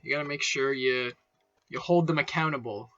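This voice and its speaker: A man's voice: mid-range voice, normal speed, a bit bright, lo-fi sound, soft background music. A young man rambling casually and swearing as he unboxes and sets up a microphone at home. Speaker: video creator. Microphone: desk microphone being set up.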